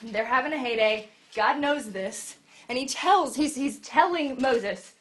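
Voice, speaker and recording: A woman delivers a sermon with a slightly high voice. She tells Bible stories in a lively way and acts out the scenes as she goes. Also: normal speed. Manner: animated storytelling, acting out Bible scenes. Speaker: preacher.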